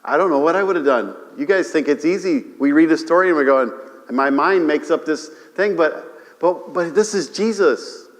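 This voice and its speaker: A man's voice: fairly high pitch, normal speed. Preaching man in an echoing church. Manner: animated preaching, calls for amens, repeats himself. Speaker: pastor. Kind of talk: sermon. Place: church sanctuary.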